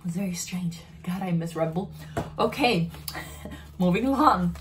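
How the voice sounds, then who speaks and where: Young woman doing a makeup vlog at home, low voice, slow and chatty, bit of faint room hiss. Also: expressive, rough recording. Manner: chatty, self-narrating, easily delighted. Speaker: beauty vlogger. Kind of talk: casual makeup unboxing chat.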